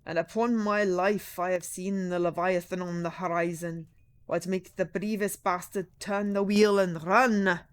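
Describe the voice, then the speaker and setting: A woman voicing a gruff old male sea captain with a deep, raspy voice, speaking slowly and dramatically in a narrative game. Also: fairly even intonation, close to an everyday voice. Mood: grandiose. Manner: slow, booming, dramatic.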